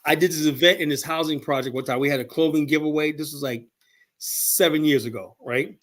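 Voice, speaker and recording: A fast, heated American man in a casual podcast debate. He tells his stories bluntly and swears freely. His voice sits a little high. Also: fairly bright tone. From United States. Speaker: guest.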